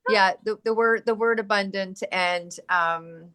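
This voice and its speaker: A woman's voice: medium pitch, a little slow, fairly bright tone. A middle-aged woman guest on an interview podcast, talking candidly and emphatically, answering her own rhetorical questions.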